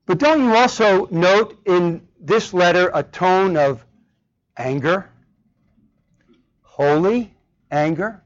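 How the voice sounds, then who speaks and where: A man's voice: high-pitched, lively intonation, a little slow. A man preaching a sermon with emphasis, often asking the congregation rhetorical questions. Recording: dull lo-fi recording.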